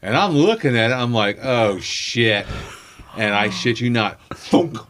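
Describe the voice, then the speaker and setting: Male comedian, profane storyteller, mid pitch, very animated delivery. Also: normal speed. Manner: profane, animated, self-mocking. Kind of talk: storytelling in casual chat.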